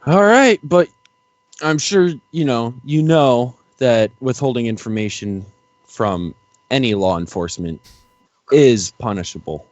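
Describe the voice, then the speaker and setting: A man's voice: mid-range voice, expressive, measured pace, dry recording, lo-fi sound. A man playing a recruit in a tabletop role-play session, casual, playful and eager. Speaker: player.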